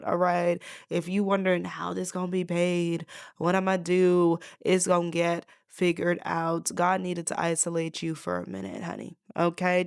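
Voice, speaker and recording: A woman's voice: fairly low pitch, vocal fry, clear, resonant tone, no room sound, clean studio sound. A woman giving an intuitive reading straight to her viewers, sassy and emphatic, repeating lines for effect and calling the listener honey and babes. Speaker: intuitive card reader. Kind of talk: direct-to-camera spiritual reading.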